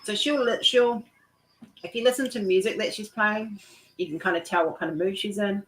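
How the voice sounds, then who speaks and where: A woman's voice: medium pitch, moderate pace, fairly bright tone, a little hiss or hum, rough recording. A woman hosting a casual chat while she works on a craft, talking in a rambling way with many restarts, nauseous. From New Zealand. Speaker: host of a craft chat stream.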